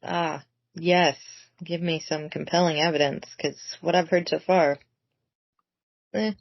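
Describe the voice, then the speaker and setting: A woman's voice: low-pitched, fairly even intonation, a little slow, creaky, no room sound. Snarky woman quipping on a podcast. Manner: snarky, playful quips. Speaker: podcast co-host. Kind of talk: casual comedic banter. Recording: dull, slightly lo-fi podcast mic.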